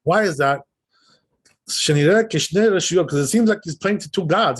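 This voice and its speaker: Male rabbi, informal class, somewhat raised pitch; chatty, repetitive, keeps checking his listeners follow. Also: normal speed, breathy edge. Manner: explanatory, repeats words, checks in with "right?" and "you know?"; demonstrates pronunciation aloud. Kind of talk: informal Torah lesson.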